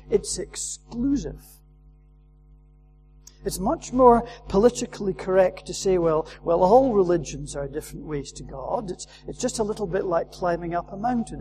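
A man's voice: sits high, warm tone, a little hiss or hum, low-quality recording. A man preaching a sermon, earnest and emphatic, repeating his key phrases for weight.

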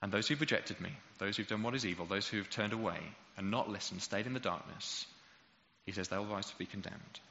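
A man's voice: lowish voice, a little fast, bright, forceful tone, a little hiss or hum. A man preaching a sermon, emphatic and rhetorical, building to passionate peaks. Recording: dull echoey hall recording.

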